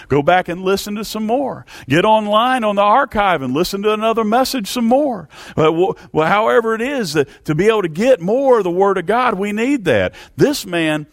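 Lively-pitched male preacher, emphatic. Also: no room sound, studio quality. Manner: emphatic, repetitive preaching with Bible readings in King James English. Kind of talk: sermon.

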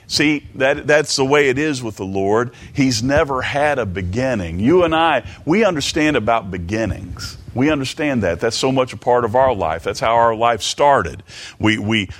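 Delivering a sermon, this male preacher teaches from the Bible in a mid-range voice. His speech halts and doubles back on words, easing off the pace whenever he quotes scripture for emphasis.

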